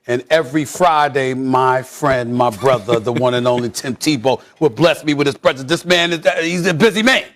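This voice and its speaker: A man hosting a sports talk show, delivering loud, theatrical commentary that often breaks into shouting and laughter. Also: medium pitch, moderate pace, hardly any pauses.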